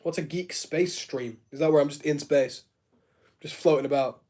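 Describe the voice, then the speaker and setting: A man with a fairly high voice chats loosely on a live stream, reading out and answering viewers as he goes. He jokes and laughs a lot, and his sentences wander with plenty of "like" fillers. He sounds like he is talking from a home studio room. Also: normal speed, mellow. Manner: chatty and joking, laughs often, many fillers like "like".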